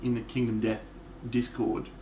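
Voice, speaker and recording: Laid-back gravelly Australian man. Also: mid-range voice, flat delivery, moderate pace, dark tone, slight background noise. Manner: swears freely, laid-back and chatty. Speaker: miniature painter streaming live. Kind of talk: casual live-stream chat. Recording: echoey room.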